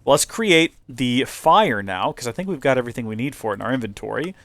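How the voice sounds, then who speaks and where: A man's voice: medium pitch, very animated, brisk, a bit bright, dry recording. A young man hosting a video game playthrough, chatting in a rambling, playful way. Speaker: host.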